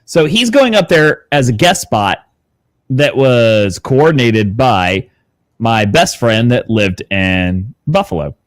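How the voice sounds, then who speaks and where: A man, a guest on a podcast, telling a story casually, animated and swearing freely. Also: medium pitch, slow, dry recording, clean studio sound. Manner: animated, swears freely, acts out quoted dialogue. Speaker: podcast guest, content creator.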